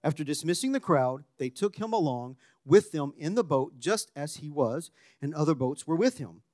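A man preaching a sermon, animated and conversational, dropping to a hushed voice when acting out quotes. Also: on the high side, moderate pace, no room sound, studio quality. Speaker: pastor.

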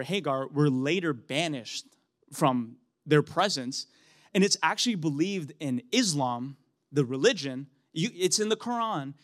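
Young male preacher, casual sermon, slightly high voice, chatty with easy laughs. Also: fairly bright tone. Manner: conversational, laughs often, restarts.

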